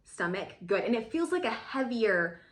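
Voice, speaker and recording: A woman's voice: on the high side, sing-song, normal speed. Woman guiding a visualization, echoey room. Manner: soothing guided meditation, casual with swearing. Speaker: spiritual coach. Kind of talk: guided visualization workshop.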